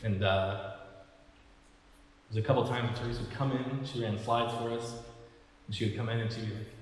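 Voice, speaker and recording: A man's voice: fairly low pitch, steady tone, slight background noise. Earnest male pastor in an echoey hall. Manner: earnest preaching, slows and stresses key phrases. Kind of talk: sermon. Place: church sanctuary. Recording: echoey hall, mic at a distance.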